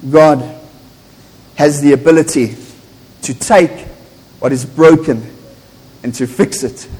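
A man's voice: fairly high pitch, slow pace, darkish tone, breathy edge. A man, a pastor preaching an impassioned, emphatic sermon in a church. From South Africa. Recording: echoey church hall.

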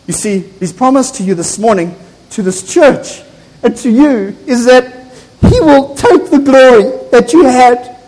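A man's voice: very high voice, measured pace, a little mellow. A man, a pastor preaching an impassioned, emphatic sermon in a church. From South Africa. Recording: echoey church hall.

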